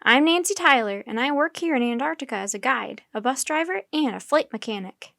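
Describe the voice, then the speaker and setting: A woman's voice: sits high, lively intonation, brisk, gravelly, no echo, studio quality, heavily acted. A woman voicing a cheerful, hearty adult bus driver and tour guide in a storybook reading. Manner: loud, hearty, calling out to a group.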